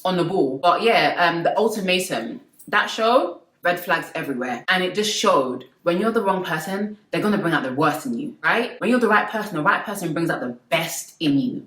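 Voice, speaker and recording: A young woman giving relationship advice to her viewers in a lively, preachy way with playful asides. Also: lowish voice, echoey room, poor audio. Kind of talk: casual advice talk to camera.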